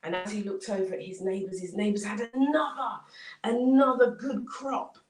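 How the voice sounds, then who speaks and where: Female inspirational speaker, mid-pitched, dramatic storyteller; distant, reverberant recording. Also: steady tone, normal speed, a crowd in the background. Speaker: motivational speaker. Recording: roomy, distant mic.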